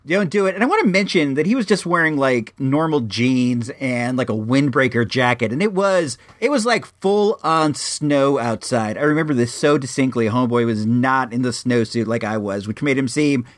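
A middle-pitched man in his forties, from Illinois, spins a loose personal story, circling back and restarting phrases. His voice sits close and dry, with no room sound at all. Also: moderate pace, few pauses, dry recording. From Illinois, USA. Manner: rambling, frequent restarts, animated. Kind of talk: casual spoken anecdote.

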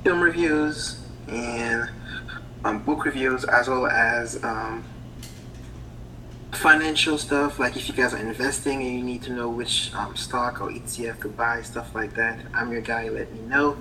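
A man in his thirties from Haiti talks as a podcast guest, hesitant and quick to laugh. His voice is bright and sharp over a remote line with faint background noise. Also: medium pitch, fairly even intonation, low-quality recording. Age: 30s. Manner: laughing easily, hesitant with many ums. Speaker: guest writer. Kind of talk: casual podcast interview.

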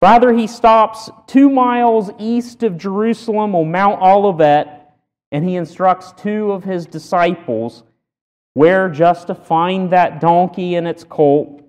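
A man preaching a sermon with earnest emphasis, punching key words loudly between pauses. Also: sits high, long reverb tail. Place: church sanctuary.

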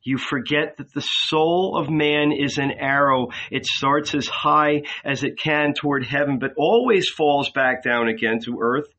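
A man voicing a gentle male teacher who speaks with a trembling, pleading voice in a storybook reading. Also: fairly high pitch, a little slow, few pauses, lo-fi sound.

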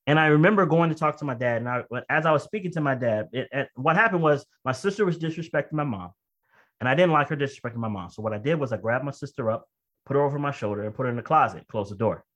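A man delivers a sermon in a relaxed, conversational way, his voice sitting at a middle pitch. He rushes through side remarks and then slows to a heavy, deliberate pace for his key points. When he relives an emotional moment, his voice leaps high and loud. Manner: conversational, pace swings between quick asides and slow emphatic phrases. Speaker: preacher. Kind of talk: sermon with personal story.

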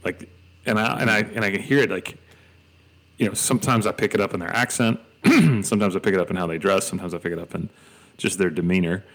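Deep-voiced young man chatting casually. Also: quick pace. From Georgia, US. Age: young adult. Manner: animated storyteller, many fillers and restarts. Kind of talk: casual conversation.

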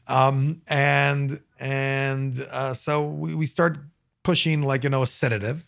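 A man, a paramedic, telling work stories in casual talk, animated and acting out what people said. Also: medium pitch, a little slow, gravelly. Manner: animated storyteller, acts out quotes.

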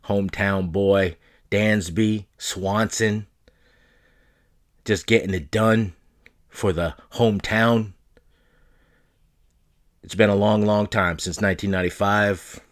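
A man's voice: lowish voice, fairly even intonation, takes it slowly, long pauses. A man in his thirties from northern New England hosting a podcast, rambling in a profane, joking, boastful way. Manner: profane, rambling, jokey bravado. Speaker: podcast host. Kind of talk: casual podcast monologue.

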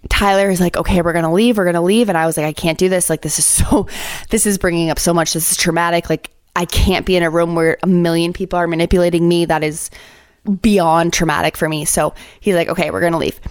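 A young adult woman with a slightly low voice tells a story on her podcast in loose, casual chat. She is animated and blunt and swears freely. The sound is dry and close, with no room to it. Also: fast talker, clean tone, no room sound. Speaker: podcast host.

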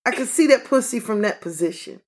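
A woman co-hosting a casual chat and lyric guessing game, cursing, teasing and breaking into loud laughter. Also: fairly high pitch, lively intonation, brisk. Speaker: podcast co-host. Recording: loud background noise.

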